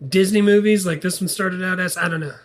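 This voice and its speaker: Male podcast co-host: relaxed, easygoing, a little hesitant, pitched a touch high. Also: a little fast. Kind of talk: casual chat.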